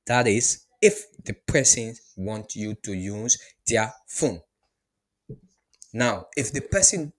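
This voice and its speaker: A man teaching beginner French, who says each phrase slowly and repeats it before explaining it. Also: fairly low pitch. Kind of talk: beginner language lesson.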